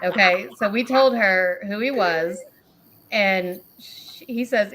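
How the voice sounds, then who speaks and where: A woman's voice: mid-range voice, slow, background noise. A woman hosting a casual livestream who reads out a message exchange and laughs often as she retells it. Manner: laughs often while reading, animated retelling. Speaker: host reading out a message exchange.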